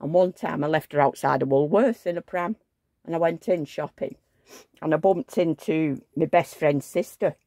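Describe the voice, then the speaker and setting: A woman's voice: low-pitched, moderate pace, mellow, dry recording, clean studio sound. An older woman, telling rambling, chatty stories on her vlog. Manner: rambling, chatty storytelling with asides. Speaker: vlogger. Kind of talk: casual chat.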